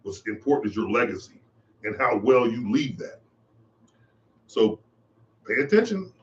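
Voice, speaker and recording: A man's voice: medium pitch, big pitch swings, unhurried, dull audio, slight background noise. A man hosting his own podcast, giving an impassioned, preachy monologue and repeating his phrases for emphasis. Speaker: podcast host. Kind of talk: monologue commentary.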